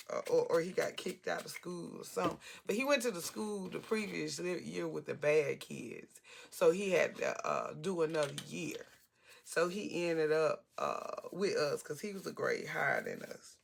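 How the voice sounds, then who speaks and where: A woman in her forties telling a casual storytime vlog, animated, talkative and blunt, with salty language. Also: sits low, normal speed, vocal fry, a little hiss or hum.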